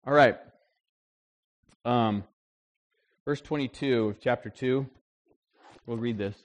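A man preaching a sermon in a conversational, animated storytelling way, with frequent restarts. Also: mid-range voice, slow. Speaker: pastor.

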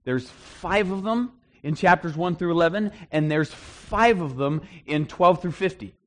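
Middle-aged male pastor, conversational teaching sermon, emphatic at times, a touch high-pitched. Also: animated, measured pace. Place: church hall with congregation.

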